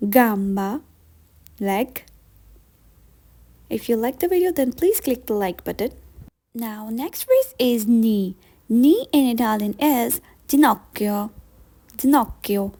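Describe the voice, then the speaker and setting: A woman teaching a beginner vocabulary lesson, saying each word slowly and carefully and repeating it with patient encouragement. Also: fairly high pitch, lively intonation, dark tone. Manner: slow, careful repetition of words. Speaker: language teacher.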